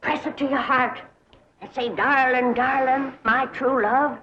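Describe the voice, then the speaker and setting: A feisty old hillbilly granny. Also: female voice, high voice, fairly even intonation, a little slow. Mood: folksy bossy. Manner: folksy, bossy, drawling. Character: feisty older hillbilly granny charm-maker. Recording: dull 1960s TV sound with laugh track.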